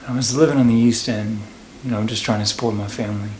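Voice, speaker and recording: A man playing a struggling working-class henchman and father, talking in halting, stammering bursts in a mock documentary interview. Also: on the low side, fairly even intonation, darkish tone, a little hiss or hum, lightly acted. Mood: rueful. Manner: halting, stammering, full of restarts.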